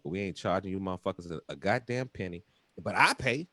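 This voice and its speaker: Loud, profane man ranting on a live show. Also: low-pitched, animated, a little fast, no room sound. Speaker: host. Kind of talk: casual live-stream chat.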